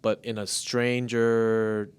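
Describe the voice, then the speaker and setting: A man's voice: lowish voice, flat delivery, slow, clean tone, dry recording. A man in his thirties co-hosting a podcast, explaining ideas in loose, restarting phrases. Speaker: podcast co-host. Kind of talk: casual podcast chat.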